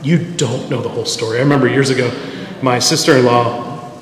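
A man's voice: medium pitch, fairly quick. Chatty man preaching in an echoey church. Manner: conversational, self-deprecating, animated storytelling. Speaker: pastor. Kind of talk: sermon. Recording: echoey hall.

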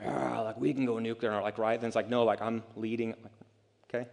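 A man, a pastor, preaching a sermon in a casual, animated way, acting out quoted asides. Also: mid-range voice, fast talker, creaky, long reverb tail.

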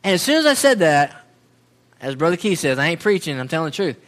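A man from Southern Alabama with a Southern accent, telling a personal testimony in a sermon-style talk, storytelling and animated, then quieting into reflection. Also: fairly high pitch, quick pace. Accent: Southern American (Alabama). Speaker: speaker giving a testimony.

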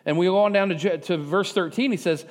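A man preaching a sermon to a congregation, animated and joking, prompting the people to answer back. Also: sits high, quick pace. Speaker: pastor. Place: church service with congregation.

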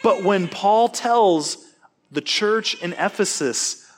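A man's voice: high-pitched, slight background noise. A man teaching a Bible study class, asking the class questions and cracking jokes between points. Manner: animated, joking, quick asides, questions to the class.

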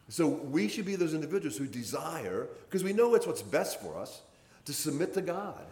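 A man's voice: fairly high pitch, darkish tone, echoey room. A man preaching a sermon in a conversational way, pressing harder on his key points. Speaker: pastor.

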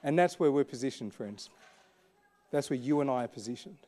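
A man's voice: mid-range voice, lively intonation, fairly quick, mellow. A man preaching a sermon as a pastor, in a conversational, questioning way with frequent fillers.

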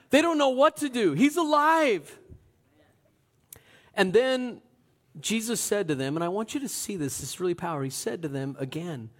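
A man preaching a sermon, telling the story in an animated way that swings from loud to hushed. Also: on the high side. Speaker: pastor.

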